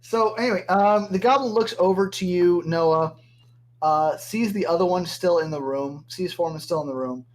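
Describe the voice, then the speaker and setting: Casual, hesitant man running a tabletop game. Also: fairly high pitch. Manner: hesitant, searching for words, casual swearing. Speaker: game master. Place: home room with other players.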